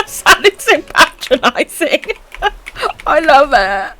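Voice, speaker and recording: Welsh woman streamer, animated pitch, affectionate, foul-mouthed, laughs a lot. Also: normal speed, background noise. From Wales. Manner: affectionate, swears freely, laughs often. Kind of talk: casual live-stream chat reading comments.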